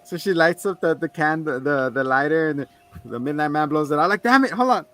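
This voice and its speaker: A man co-hosting a casual movie-review chat, retelling scenes with lively, swearing banter. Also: a little high, fairly quick, soft background music. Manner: animated retelling of film scenes, frequent laughs and swearing. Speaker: podcast co-host.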